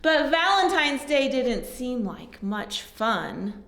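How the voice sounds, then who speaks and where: A woman with a high, lively voice reads a picture book aloud to young children slowly in an echoey room. Teaching baby signs as a storyteller, she uses a sing-song, animated delivery with soft whispered asides.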